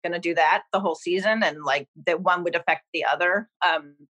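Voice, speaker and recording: A woman's voice: lowish voice, fairly quick, a bit bright, rough recording. A woman from Massachusetts, a TV series creator, talking loosely in an interview with lots of "like" and "um". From Cambridge, Massachusetts. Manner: rambling, many "like" and "um" fillers. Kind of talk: casual interview chat.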